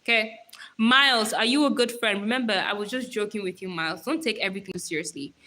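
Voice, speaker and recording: A woman's voice: medium pitch, quick pace, bright, forceful tone. A young woman hosting a live stream, chatting casually and teasing her viewers as she reads their comments, with slang and frequent laughs.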